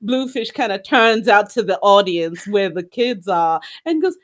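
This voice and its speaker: A woman's voice: mid-range voice, unhurried, fairly bright tone. A woman playing a tabletop game, narrating playfully and humming little tunes. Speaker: player.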